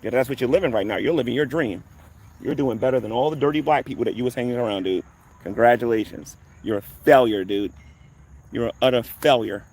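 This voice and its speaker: A man's voice: medium pitch, brisk, a little mellow. Mocking man in a confrontational rant. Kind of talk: ranting monologue.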